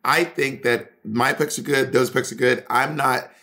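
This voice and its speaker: A man's voice: medium pitch, fairly even intonation, a little slow, sharp tone. A man co-hosting a podcast in casual chat, insistent and repeating his points as he argues. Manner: insistent, repeats himself while arguing. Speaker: podcast co-host.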